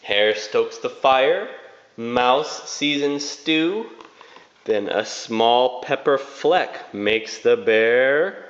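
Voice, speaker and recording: A father reading a bedtime storybook aloud to his children in a gentle, sing-song way, adding sound effects. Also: medium pitch, expressive, very slow. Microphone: phone. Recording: echoey room, dull phone recording.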